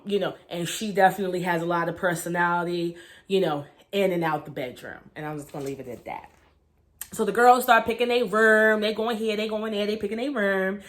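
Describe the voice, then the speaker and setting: Woman, young adult, casual profane vlog recap, chatty, frank. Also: mid-range voice. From Baltimore, Maryland. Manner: blunt, profane, chatty with many fillers. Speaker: reality show reviewer.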